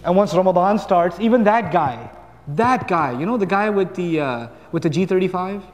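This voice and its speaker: A man's voice: sits high, expressive, normal speed, in a large hall. A man giving a sermon, talking casually and with humor, asking the audience questions and answering them himself. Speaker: preacher.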